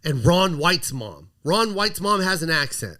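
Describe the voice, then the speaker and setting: A man's voice: on the high side, big pitch swings, unhurried, pushed and bright. A male comedian being interviewed, talking in a heated, emphatic way, repeating himself and swearing as he makes his point. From United States. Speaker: comedian guest.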